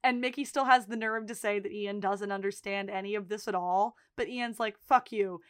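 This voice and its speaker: A woman's voice: mid-range voice, fairly even intonation, brisk, a bit bright, clean tone, no echo, clean studio sound. A woman co-hosting a podcast, recapping a TV episode in casual chat, emphatic and laughing often, swearing freely. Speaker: podcast co-host.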